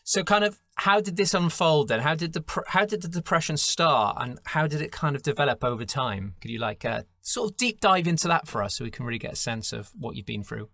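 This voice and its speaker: A man's voice: fairly high pitch, animated, brisk, gravelly, hardly any pauses, bright, forceful tone, dry recording, clean studio sound. A man hosting an interview, effusive and enthusiastic in his praise as he asks questions. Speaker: interview host.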